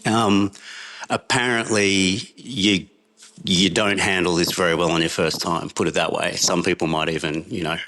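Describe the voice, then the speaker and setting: This is a relaxed Australian man in middle age, telling a long anecdote as a podcast guest. His voice sits on the low side, and he breaks into laughs often as he wanders through the tale. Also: moderate pace. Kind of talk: casual anecdotal storytelling.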